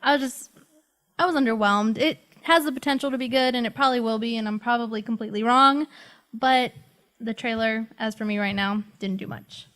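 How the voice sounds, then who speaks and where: A woman on a casual movie chat panel, playful and animated. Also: on the high side, brisk. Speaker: podcast panelist.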